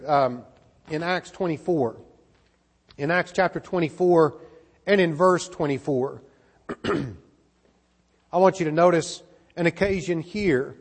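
High-voiced man preaching in a hall. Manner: earnest, frequent word repeats and restarts. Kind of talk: sermon. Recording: long reverb of a large hall.

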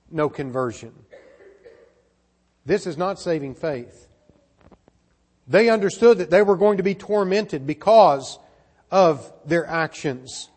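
Guy preaching a sermon, pretty high voice, keeps restarting words, echoey big hall. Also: a little mellow, slightly rough. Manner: earnest, frequent word repeats and restarts. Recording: long reverb of a large hall.

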